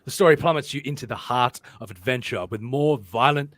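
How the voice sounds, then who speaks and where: A man co-hosting a casual livestream, reading viewer comments aloud with loud joking banter and swearing. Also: mid-range voice, a little fast, no room sound. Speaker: livestream co-host.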